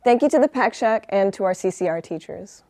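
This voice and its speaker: Fast-talking teen girl news anchor. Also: mid-range voice, expressive, mellow. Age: teenager. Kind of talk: scripted school news reading.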